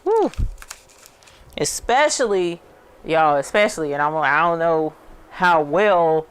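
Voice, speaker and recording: On her crafting channel, a woman with a low-pitched voice and vocal fry tells a story while working. Her manner is chatty and relaxed, full of fillers, and she calls her audience y'all.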